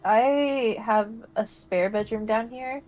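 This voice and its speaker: A woman's voice: fairly high pitch, takes it slowly, over a noisy crowd. A woman playing a tabletop game, chatting in an upbeat, matter-of-fact way. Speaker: player. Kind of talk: casual tabletop game chat.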